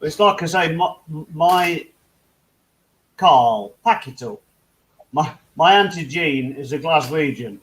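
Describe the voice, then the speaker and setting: Rambling, sweary man, a bit high. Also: animated, slow pace, pauses often, fairly bright tone, poor audio. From United Kingdom. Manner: rambling, swears freely, laughs at own stories. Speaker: hangout host. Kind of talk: casual chat among friends.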